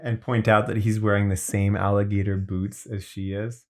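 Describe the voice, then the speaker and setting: A man co-hosting a podcast, reacting to a story with quick jokes and playful teasing. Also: on the low side, little pitch movement, darkish tone. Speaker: podcast co-host. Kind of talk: casual chat, joking reactions.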